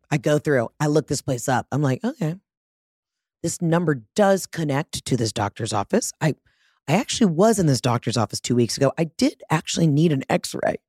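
Woman, podcast host, casual storytelling, profane, animated, low-pitched, dry close mic. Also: husky, no room sound. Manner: animated, profane, self-mocking.

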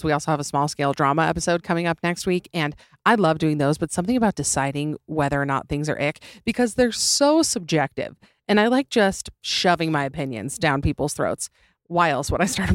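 Recorded close in a small room with no echo, a young woman with a low-pitched voice runs a casual comedic podcast monologue. Her take is opinionated and sarcastic, and laughter comes easily to her.

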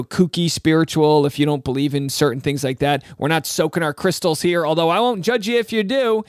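A man's voice: on the high side, no echo, studio quality. A man hosting a podcast, chatting casually and joking, upbeat and talkative. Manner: chatty, joking, upbeat, repeats lines aloud. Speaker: podcast host. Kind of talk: casual chat.

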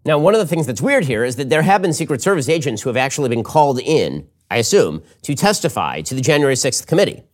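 A man hosting a political commentary show, delivering a quick, sardonic, opinionated monologue into a studio mic. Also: mid-range voice. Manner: animated, sardonic, quick restarts.

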